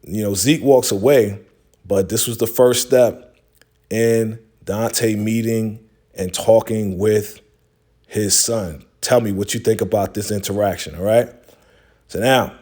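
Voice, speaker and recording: A man's voice: lowish voice, fairly even intonation, unhurried, darkish tone. Laid-back man recapping a TV episode. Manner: slangy, laid-back retelling with many fillers.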